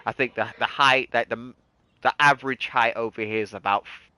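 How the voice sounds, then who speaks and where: A young man with a British accent chats loosely on his game stream, circling back with "like" and false starts. His voice is bright and smooth. The sound is dry and close, with no room around it. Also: medium pitch, steady tone, brisk, no room sound, low-quality recording. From United Kingdom. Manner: rambling, full of "like" and restarts. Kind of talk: casual chat on a gaming stream.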